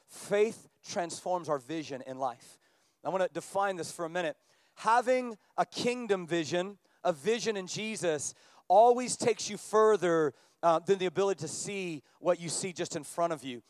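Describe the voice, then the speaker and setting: High-voiced preaching man, dry sound. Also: no echo. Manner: animated preaching, rising in pitch and volume as he builds. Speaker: pastor. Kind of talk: sermon.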